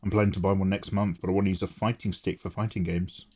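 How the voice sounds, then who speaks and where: A man's voice: deep voice, little pitch movement, fast, a little mellow, slightly rough. A man hosting an art livestream, chatting casually, self-deprecating and reading viewer messages aloud.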